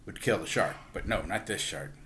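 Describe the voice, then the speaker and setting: Speaking at a moderate pace in a deep, slightly bright voice, this book reviewer chats his way through a comic book story with a chuckle now and then. He voices the characters, leaning on "he's like," and there's slight background noise.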